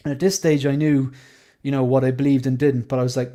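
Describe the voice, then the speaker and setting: A male guest with a mid-pitched, ordinary voice chats casually. He rambles with plenty of fillers and tells his stories with real enthusiasm. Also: level tone, fast talker, dark tone. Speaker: guest collector. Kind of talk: casual interview chat.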